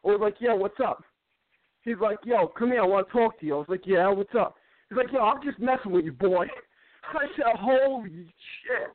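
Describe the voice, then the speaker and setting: Man, high voice, rambling storyteller who stammers and repeats words, on a dry, tinny phone-quality line. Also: normal speed. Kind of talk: casual chat.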